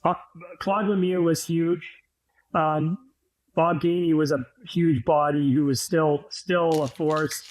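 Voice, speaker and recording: Man in his fifties, somewhat high voice, rambling and laughing, podcast guest. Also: fairly even intonation, takes it slowly, a little mellow, rough recording. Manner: rambling storyteller, laughs while telling. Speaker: podcast guest, former hockey player. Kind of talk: casual storytelling chat.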